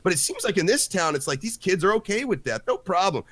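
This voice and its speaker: Man, podcast co-host, casual chat, rambling, fairly high voice, very expressive. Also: fast. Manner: animated, rambling, heavy use of "like".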